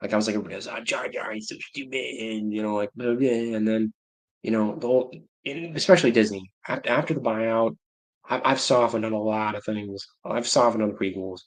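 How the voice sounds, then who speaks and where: A man's voice: lowish voice, steady tone, a little fast. Rambling man chatting on a livestream. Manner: rambling, self-interrupting, laughing to himself. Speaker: livestream host. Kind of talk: casual livestream chat.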